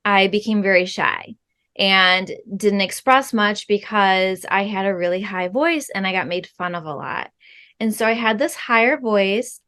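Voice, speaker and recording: A middle-aged woman who guides spiritual healing talks through interview questions at a slow, considered pace, sincere throughout and using soft fillers. Her voice is mid-range, with a clear and resonant tone.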